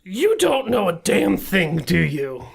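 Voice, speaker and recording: Husky, teasing woman player. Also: fairly low pitch, very animated, takes it slowly. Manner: teasing, sarcastic. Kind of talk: casual tabletop play.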